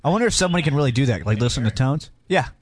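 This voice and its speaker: A man's voice: medium pitch, animated, racing, slight background noise. A man hosting a radio show, joking and laughing in casual banter with his co-hosts. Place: radio studio. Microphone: studio mic.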